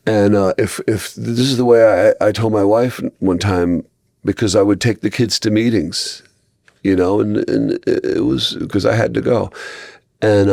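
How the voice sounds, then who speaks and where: This middle-aged podcast guest has a very low, slightly mellow voice and spins casual stories, wandering off, restarting sentences and acting out whoever he quotes. He's recorded close and dry on a podcast mic, with no echo.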